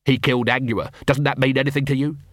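A man voicing a weary, gruff middle-aged male captain of the watch, speaking low and grim in an audiobook reading. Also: little pitch movement, quick pace, a bit bright, no room sound, clean studio sound, natural voice.

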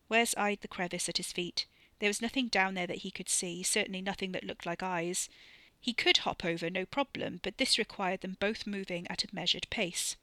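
A woman narrating a novel in an even, measured way. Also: mid-range voice, no room sound. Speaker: audiobook narrator. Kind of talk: scripted narration.

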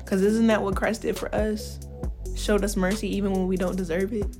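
A woman's voice: medium pitch, level tone, fairly quick, music in the background. A woman hosting a podcast, talking about faith in a casual, slangy and encouraging way. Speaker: podcast host.

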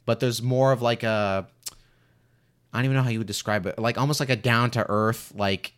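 A man's voice: medium pitch, steady tone, normal speed, clear, resonant tone. Male podcast co-host, mid-range voice, loose rambling chatter full of "like" fillers. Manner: rambling, leans heavily on "like". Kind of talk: casual chat.

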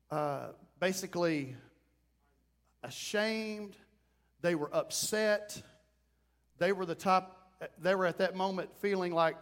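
High-voiced pastor preaching in reverberant church. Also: male voice, fairly bright tone. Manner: conversational preaching that builds to emphatic exhortation. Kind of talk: sermon.

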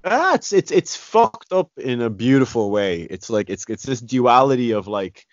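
A man's voice: medium pitch, sing-song, moderate pace, no room sound. A man chatting casually about fights, rambling with many restarts and "you know". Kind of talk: casual chat. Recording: dry, slightly dull lo-fi sound.

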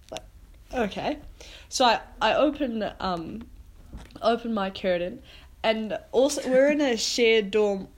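A young woman co-hosting a podcast, telling a travel story in casual chat, acting out her own lines with lots of "like". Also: medium pitch. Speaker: podcast co-host.

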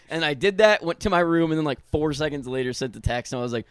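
A man's voice: fairly high pitch, lively intonation, quick pace, hardly any pauses, clean tone, no echo. A young man co-hosting a podcast in casual chat, telling stories with lots of swearing and acting out his own angry outbursts. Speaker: podcast co-host.

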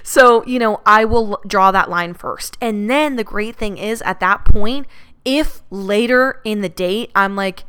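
Brief: woman host, very smooth and resonant voice, mid-pitched, candid and chatty, swears freely, relaxed advice-giving. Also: unhurried. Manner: candid and chatty, swears freely, many "like" and "you know" fillers. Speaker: podcast host. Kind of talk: frank casual advice talk.

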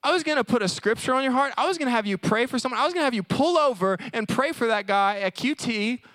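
A man putting on a casual, excited voice for God, who talks like a pleading buddy. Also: very high-pitched, fast, dry recording, voice pushed up. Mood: eager. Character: God as an eager, buddy-like male voice.

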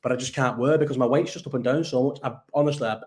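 A man in his early thirties hosts a casual live chat, his mid-pitched voice rambling from one thought to the next. He swears freely and pokes fun at himself as he talks. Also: racing, a little mellow. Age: 30s. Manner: rambling, sweary, self-mocking. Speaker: podcast host.

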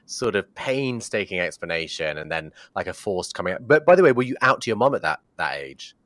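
A man's voice: sits low, big pitch swings, brisk, fairly bright tone, no room sound. A man from Bradford hosting an interview, reflective and hesitant, with many fillers. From Bradford, England. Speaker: podcast host. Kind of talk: conversational interview.

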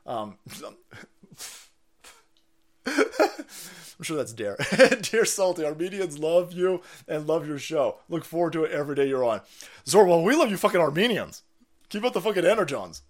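A man rants through his livestream in a foul-mouthed, mocking voice that leaps between shouts and low mutters. His pitch sits fairly high and swings widely. The delivery is loose, sarcastic commentary. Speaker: livestream host. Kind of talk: profane ranting commentary.

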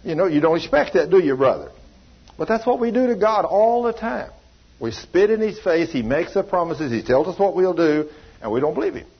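A storytelling preacher, a man with a rather high, husky voice, who slips into the voices of the people in his tales. The recording sounds dull and lo-fi. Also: big pitch swings, a little fast. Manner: storytelling preacher acting out dialogue in a folksy drawl. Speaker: pastor. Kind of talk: sermon.

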